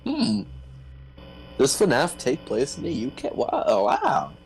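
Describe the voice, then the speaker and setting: A man's voice: a little high, huge pitch swings, slow pace, creaky, slightly rough, soft background music, poor audio. A man streaming a game with a friend, joking and laughing often as he chats. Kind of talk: casual gaming stream chat.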